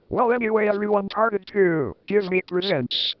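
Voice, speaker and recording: A man's voice: high voice, normal speed, no echo. A man giving a comic dramatic reading, with wry, sarcastic asides. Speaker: reader. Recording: dull, lo-fi dry recording.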